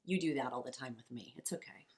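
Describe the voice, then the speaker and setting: A woman's voice: very deep voice, fast. A woman co-hosting a podcast as a coach, talking in a passionate, blunt and profane way. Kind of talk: casual motivational podcast chat.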